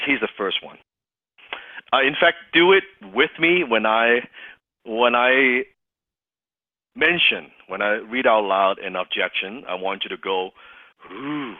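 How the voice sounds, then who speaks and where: This clip carries a male sales trainer's fairly low voice over tinny, phone-like call audio with a dry sound. He's running an interactive coaching session, speaking emphatically and going back over his key points for the team.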